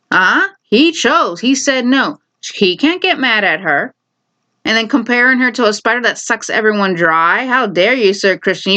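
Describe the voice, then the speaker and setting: A woman's voice: medium pitch, fairly bright tone. Opinionated woman recapping a TV episode. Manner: opinionated, quick asides, quotes characters in paraphrase. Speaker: TV recap vlogger. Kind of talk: casual recap commentary.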